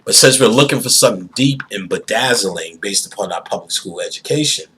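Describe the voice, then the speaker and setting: A man, a podcast host giving a profane, preachy monologue that swings into loud outbursts. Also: fairly low pitch, lively intonation, brisk, slight background noise, poor audio.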